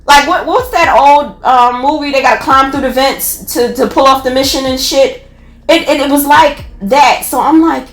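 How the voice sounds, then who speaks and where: A woman with a Philadelphia accent telling a personal story in a casual, animated, profane way. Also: high-pitched, moderate pace, faint music behind. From North Philadelphia. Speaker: podcast storyteller. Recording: roomy echo.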